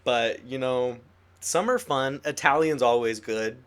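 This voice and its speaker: A young adult man co-hosting a podcast in casual chat, animated and giggly, full of jokey rants. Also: mid-range voice, a little slow. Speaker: podcast co-host.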